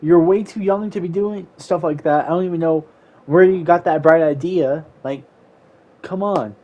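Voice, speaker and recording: A man's voice: on the high side, moderate pace, dark tone, dull audio, lightly acted. A man voicing a stern police officer who lectures in a matter-of-fact, scolding way.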